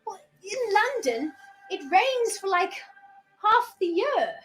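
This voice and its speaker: A woman presenting a children's show with a theatrical, playful, put-on way of speaking. Her voice sits high, and faint music plays behind her. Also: sing-song, slow, a bit bright.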